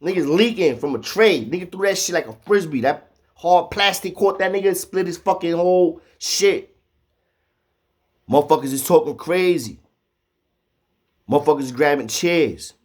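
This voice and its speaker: A man telling a profane, animated street story, acting out the quotes. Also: fairly high pitch, moderate pace, long pauses.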